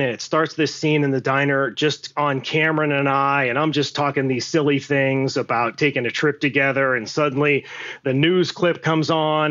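Animated male actor telling a story. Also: on the high side, muffled recording. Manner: animated, acts out quotes, swears freely. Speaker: actor, podcast guest. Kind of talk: storytelling anecdote.

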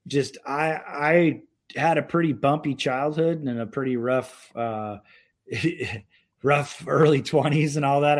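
A man from New York chats casually about fishing, rambling along with frequent filler words. His voice sits at an ordinary middle pitch. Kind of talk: casual podcast chat.

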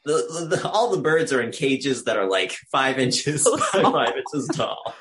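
Animated man joking through a film chat. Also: mid-range voice, measured pace, slight background noise. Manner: animated, joking, laughs often. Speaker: podcast co-host. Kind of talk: casual film discussion chat.

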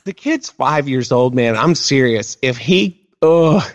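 A man in his thirties telling a story on a podcast, animated and mimicking a child in a high voice. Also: slow, highs cut off. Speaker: podcast co-host. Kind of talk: casual storytelling chat.

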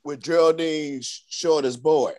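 A man's voice: on the high side, steady tone, a little slow, dark tone, slight background noise. A man co-hosting a podcast, teasing and joking in casual banter. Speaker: podcast co-host.

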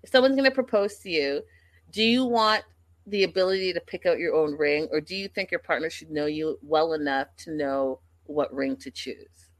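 A woman's voice: low-pitched, moderate pace, no room sound. Chatty, gossipy woman livestreamer. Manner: chatty, gossipy, addresses the audience directly. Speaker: livestream host. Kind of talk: casual recap chat.

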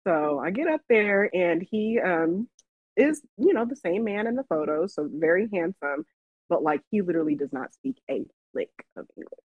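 Recorded dry and dull in lo-fi, this woman has a fairly low pitch and a moderate pace. Co-hosting a Las Vegas podcast, she tells a story in relaxed chat, laughing often and brightening up when quoting herself.

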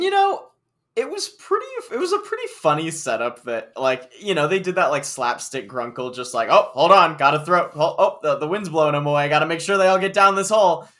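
An excitable man co-hosts a casual podcast, his voice swinging widely in pitch as he reacts. He laughs easily and talks with a lot of animation. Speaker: podcast co-host. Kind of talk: casual recap chat.

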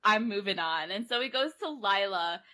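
A woman's voice: medium pitch, animated, normal speed, sharp tone. A young woman casually recapping a book on a podcast, rambling, laughing and acting out characters' lines. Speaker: podcast co-host. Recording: online call recording.

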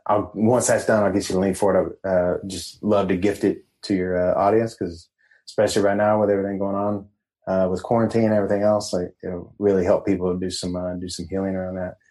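A man guesting on a casual podcast, talking as a coach in a meandering, halting way. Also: low voice, warm tone, low-quality recording. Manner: meandering, halting, laid-back. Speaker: guest, men's empowerment coach.

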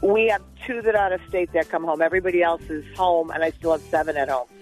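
A middle-aged woman calling a radio show, talking in a calm, matter-of-fact way. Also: fairly low pitch, fast talker, faint music behind. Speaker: caller.

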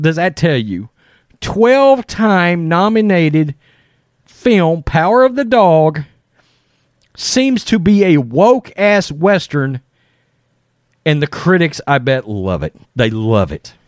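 A man's voice: high-pitched, no room sound, clean studio sound. A man giving blunt, profane, opinionated commentary on the news to his viewers.

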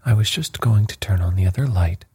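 A man whispering the part of a shaken noblewoman in hushed, breathless retelling, as whispered role-play. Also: lowish voice, a little fast, slightly rough, dry recording.

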